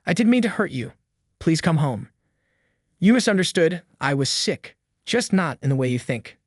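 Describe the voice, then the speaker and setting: A man's voice: on the high side, sing-song, normal speed, no echo, clean studio sound. A man voicing a manipulative middle-aged mother who guilt-trips her grown daughter with pleading words.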